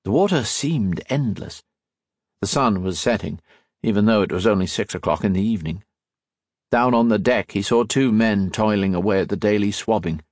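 A man narrating an audiobook in an expressive storytelling manner. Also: fairly low pitch, moderate pace, dry recording. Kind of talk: scripted narration.

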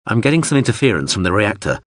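A man's voice: fairly low pitch, very animated, fast talker, no room sound, clean studio sound. A man doing a curt, impatient team leader. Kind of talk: audiobook character voice.

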